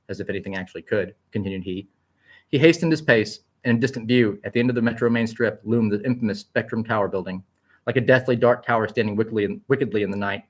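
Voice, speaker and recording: A man narrating a story aloud in a quick, vivid, expressive style. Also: lowish voice. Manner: quick, vivid, occasional slips and restarts.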